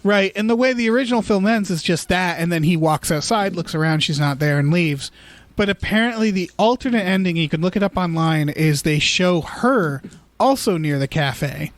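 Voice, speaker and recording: A man with a notably high speaking voice talks loosely through a movie, stumbling into restarts and slipping into mock voices for quotes. The sound is dry and close, with no room around it. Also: animated, normal speed, dry recording. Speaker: podcast co-host. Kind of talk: casual movie discussion.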